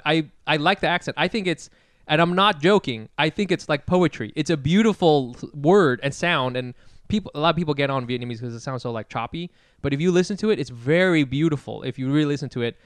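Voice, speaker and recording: A man co-hosting a podcast, chatting casually, with lots of quick agreement and stammered restarts. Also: a little high, no echo. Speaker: podcast co-host. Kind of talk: casual chat.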